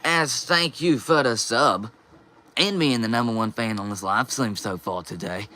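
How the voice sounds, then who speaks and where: Bright-voiced young man. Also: mid-range voice, a little slow. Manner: reads viewer comments aloud and answers them. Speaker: live stream host. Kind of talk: casual live stream chat, reading comments.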